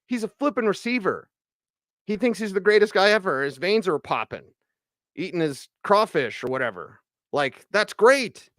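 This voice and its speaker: A man's voice: fairly high pitch, dry recording, clean studio sound. A man hosting postgame sports commentary, talking in an emphatic, ranting way full of rhetorical questions. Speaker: sports radio host.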